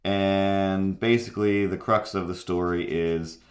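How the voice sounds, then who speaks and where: Low-voiced rambling man streaming live. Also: fairly even intonation, measured pace. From near Cape Breton, Canada. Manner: rambling, digressive, self-deprecating. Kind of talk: casual chat while drawing on stream.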